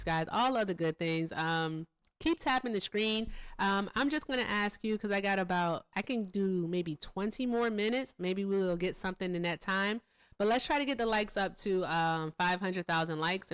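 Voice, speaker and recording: A woman's voice: lowish voice, smooth, no echo. Chatty, laughing livestream host woman. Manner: chatty, laughs often, swears freely. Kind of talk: casual live-stream chat, thanking donors.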